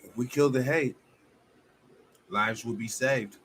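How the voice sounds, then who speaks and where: A man streaming live launches into a blazing, profane sermon-like rant that shifts from shouting to quiet muttering. He takes his time, and a slight hiss or hum sits under the audio.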